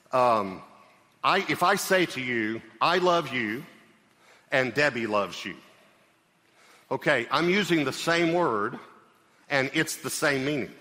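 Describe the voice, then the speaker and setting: A man's voice: medium pitch, bright, forceful tone. A middle-aged male pastor with a Southern US accent, preaching a sermon in a conversational way, repeating phrases and checking in with his listeners. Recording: live sermon in a reverberant hall.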